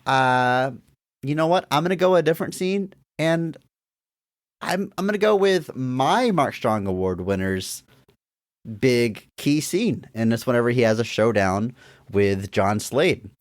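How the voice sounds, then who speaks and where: A man co-hosting a movie podcast, talking in a relaxed, agreeable way with chuckling asides. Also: mid-range voice, unhurried, no echo, clean studio sound. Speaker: podcast co-host. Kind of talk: casual movie review chat.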